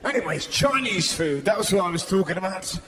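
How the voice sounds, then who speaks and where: A man doing stand-up comedy, brash and swearing, with shouted put-on voices. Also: high voice, lively intonation, a little fast. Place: large live venue. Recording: roomy live recording with audience noise.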